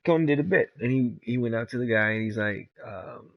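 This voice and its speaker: A man's voice: mid-range voice, fairly quick, vocal fry, highs cut off. A man giving casual, rambling gameplay commentary, laid-back and swearing freely. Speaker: gamer.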